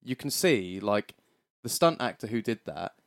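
A man's voice: on the low side, big pitch swings, moderate pace, vocal fry, dry recording, studio quality. A man co-hosting a podcast, chatting about a film in a jokey way, laughing often and wandering into tangents. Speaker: podcast co-host. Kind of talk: casual film review chat.

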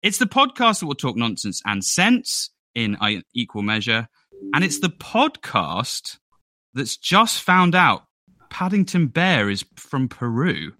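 Playful male podcast host, bright lively voice, dry close sound. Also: mid-range voice, a little slow, no room sound. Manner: playful, jokey, puts on silly voices. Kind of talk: casual chat.

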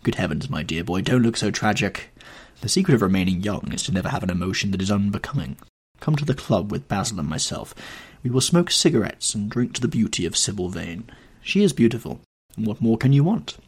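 A man voicing a cynical, urbane gentleman in a lowered, drawling, ironic tone, with a husky voice. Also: lively intonation, fairly quick. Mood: languid.

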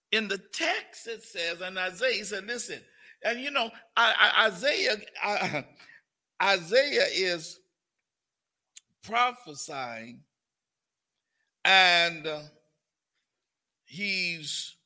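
A man's voice: sits high, bright, forceful tone. An older man, teaching a Bible study sermon in a folksy way and calling on his listeners. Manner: folksy, calls on listeners, puts on a cooing grandparent voice. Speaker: pastor.

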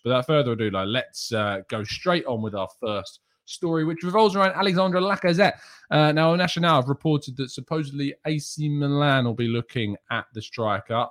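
Male podcast host, relaxed and chatty, mid-pitched voice. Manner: chatty, reads out viewer names and chat messages. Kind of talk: casual livestream chat.

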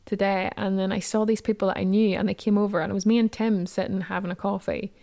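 A woman with a Northern Irish accent co-hosting a casual podcast, telling stories in a lively way. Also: medium pitch, quick pace, vocal fry. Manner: storytelling, animated. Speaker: podcast co-host.

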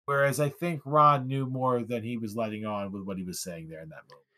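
A man co-hosting a podcast, chatting casually about an old film, often restarting sentences with sudden lifts in emphasis. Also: a little fast. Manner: animated, restarts a lot, pitch jumps for emphasis. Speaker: podcast co-host.

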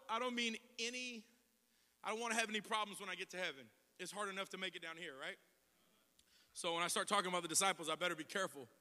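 A man preaching a sermon as pastor, telling the story with lively acted-out voices and building to shouted proclamations. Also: very high voice. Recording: echoey hall.

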